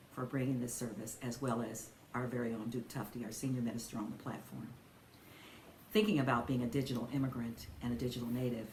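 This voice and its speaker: An older woman minister giving a sermon, telling stories in a gentle, folksy way. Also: rumbling low, slight background noise. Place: church. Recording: echoey room with faint ambience.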